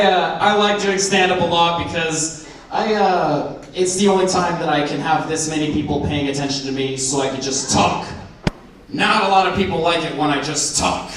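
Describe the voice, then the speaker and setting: A man's voice: fairly high pitch, moderate pace. A nineteen-year-old man from Arizona doing a rambling, self-mocking stand-up set in a comedy club, recorded by a far-off camera. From Arizona, USA. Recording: far-off echoey club with crowd and noise.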